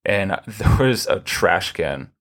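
A man with a fairly low voice hosts a relaxed podcast conversation. He tells long, rambling stories full of restarts and fillers, and his voice jumps higher when he gets animated. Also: slow pace. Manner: rambling, animated storytelling with many restarts and laughs. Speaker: podcast host. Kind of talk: casual chat.

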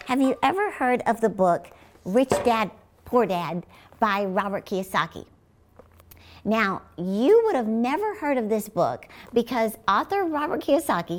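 A middle-aged woman preaching a sermon in an emphatic manner, often rising to high exclamations.

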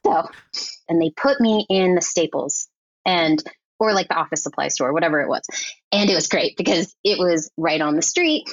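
A woman editor telling a lively, chatty story as a podcast guest, peppering her talk with "like". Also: fairly low pitch, normal speed, no room sound. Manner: animated, chatty, heavy use of "like". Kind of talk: casual storytelling interview. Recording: dry, slightly dull podcast audio.

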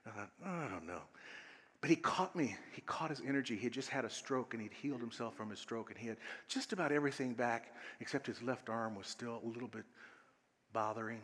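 Animated male minister preaching. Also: mid-range voice, quick pace, breathy edge, big-room sound. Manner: animated storytelling, swinging from loud and laughing to hushed and whispery; leads the audience through a guided exercise. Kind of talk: sermon.

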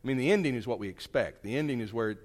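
A man's voice: medium pitch, lively intonation, very fast, long reverb tail. A man preaching a sermon, retelling a story in a conversational way with chatty asides. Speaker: pastor.

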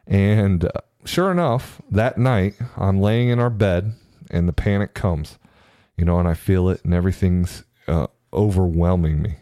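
A man earnestly telling a personal story in a halting way, often repeating his words. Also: low-pitched, mellow, dry recording, clean studio sound. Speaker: storyteller sharing his experience.

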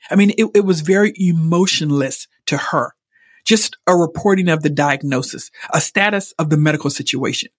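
A middle-aged woman hosting a podcast, speaking openly and earnestly about a personal experience, emotionally expressive and at times repeating herself when moved. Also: low voice, normal speed, dry recording, studio quality. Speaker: podcast host. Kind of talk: personal reflective monologue.

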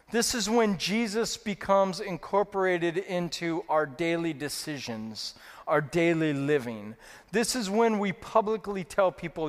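A man preaches to his congregation, retelling stories with repeated phrases and a few fillers. His voice sits a little high. Long reverb from a large church hall surrounds him. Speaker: lead pastor. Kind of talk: sermon.

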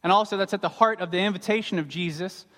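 A man's voice: sits high, quick pace, a bit bright. A man preaching a sermon as pastor, earnest and emphatic, repeating his key words. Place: church sanctuary. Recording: long reverb of a large hall.

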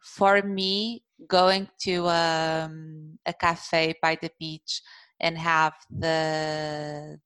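Female guest, low voice, slow and measured, lots of fillers. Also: flat delivery, fairly bright tone, clear, resonant tone, no echo. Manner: slow, thoughtful, with many fillers. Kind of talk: casual chat.

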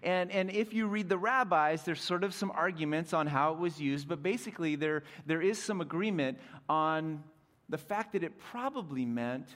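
A young adult man preaching a sermon as pastor, animated, dropping to soft intimate tones at times. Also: a little high, moderate pace.

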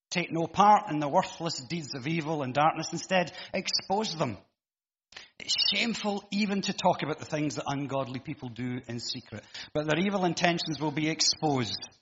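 Male preacher, easygoing and jokey between scripture readings, slightly husky, echoing hall. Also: fairly high pitch, fairly bright tone. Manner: chatty and joking between readings. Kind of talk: sermon with Bible reading. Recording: muffled with long hall echo.

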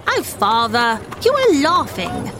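A woman reading a storybook, voicing a hot-tempered young boy who speaks eagerly and defiantly, a little higher than her own voice. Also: wildly swooping pitch, slow pace, background noise, exaggerated voice. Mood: earnest.

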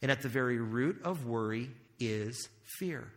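The recording, drenched in long hall reverb, features a male pastor with a medium-pitched voice speaking a little slowly. He delivers his sermon conversationally, questioning the audience and making jokes as he goes.

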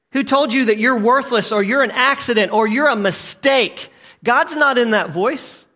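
A man preaching a sermon as a pastor. He asks emphatic, repeated rhetorical questions and swings from loud to hushed. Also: high voice.

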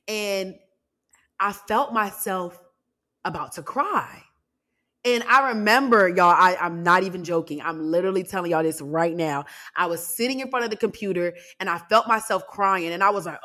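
A young adult woman hosting a podcast, telling a personal story in a casual, animated way with asides to her listeners. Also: medium pitch, normal speed. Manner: lively, animated retelling with laughs and asides to listeners. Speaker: podcast host.

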